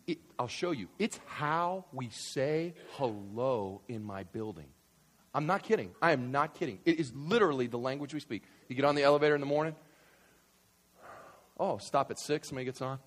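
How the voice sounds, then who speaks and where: A man's voice: mid-range voice, a little fast. A man preaching a sermon, acting out everyday small talk and repeating "right?" as he goes. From New York. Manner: animated, acts out everyday banter, rising to shouts. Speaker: pastor.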